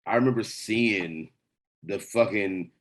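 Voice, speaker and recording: A man's voice: lowish voice, takes it slowly. A man co-hosting a podcast in casual chat, rambling and repeating himself, swearing freely. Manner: rambling, repeats words, lots of profanity. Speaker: podcast co-host.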